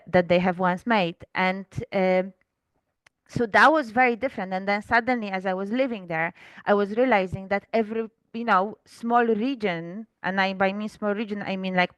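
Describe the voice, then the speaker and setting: A woman from Poland speaks English, working through her ideas slowly and pausing on fillers. Her voice is smooth and resonant. The recording is dry, with no room sound. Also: mid-range voice, no echo, rough recording. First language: Polish. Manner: thoughtful, hesitant, many fillers. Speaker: guest author. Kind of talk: reflective conversational interview.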